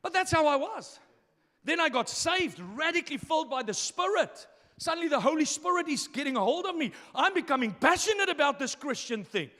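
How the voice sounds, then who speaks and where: Male pastor, very high voice, fiery sermon delivery, long hall reverb. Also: big pitch swings, brisk. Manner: impassioned preaching, swinging between quiet asides and shouting.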